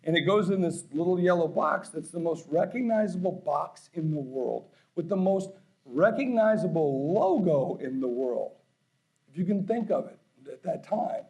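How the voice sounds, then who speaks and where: A middle-aged man delivers a keynote from a conference stage in a folksy, story-driven manner. His voice sits in a middle range but moves around a lot, climbing higher and louder as he gets going. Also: normal speed, rough recording. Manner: folksy, anecdotal, growing animated and loud. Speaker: keynote speaker.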